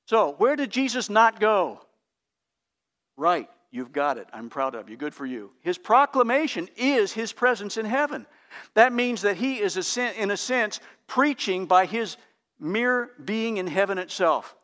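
A pastor preaching a sermon in an earnest, emphatic, teacherly way. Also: male voice, high voice, sing-song, a little slow, a bit bright.

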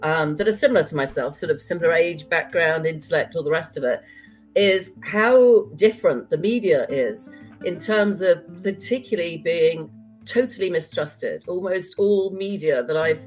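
In a roughly recorded casual interview with faint music in the background, a former journalist, an older British woman with a standard BBC English accent, talks as a guest. Her voice is lowish and darkish, and she chats freely with quick asides and light laughter.

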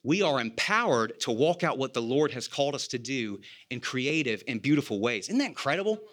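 A man delivers a church sermon at an ordinary, middle pitch. He talks to the congregation in an earnest, conversational way, repeating key lines and asking rhetorical questions. He now and then pokes fun at himself. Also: sing-song, fairly quick, fairly bright tone. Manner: self-deprecating humor. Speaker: preacher, elder candidate.

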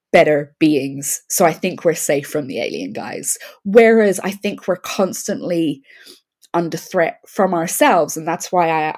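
A woman, hosting a casual podcast interview in a chatty way and laughing often. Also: low voice. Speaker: podcast host.

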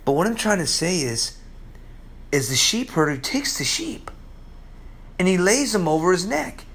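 High, bright-voiced animated male preacher. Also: a little slow. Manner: animated storytelling preacher, swinging from loud highs to hushed lows. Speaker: pastor. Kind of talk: sermon.

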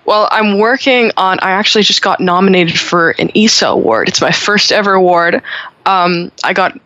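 A young singer-songwriter from Montreal, Canada, guests in a casual interview, talking upbeat and chattily while often restarting her sentences. Her medium-pitched, slightly bright voice comes at normal speed with no echo, though the audio is dull and lo-fi.

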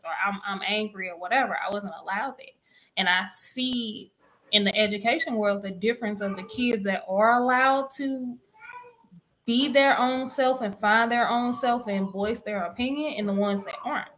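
Emphatic mother, casual panel talk, acts out dialogue, slightly high voice. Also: a bit bright, low-quality recording. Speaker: parent panelist.

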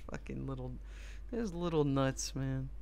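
A man's voice: mid-range voice, takes it slowly, gravelly, a little mellow. A young man co-hosting a casual podcast, rambling through crude stories with a lot of "like" and frequent laughing. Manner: rambling storytelling, lots of "like", bursts of laughter. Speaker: podcast co-host.

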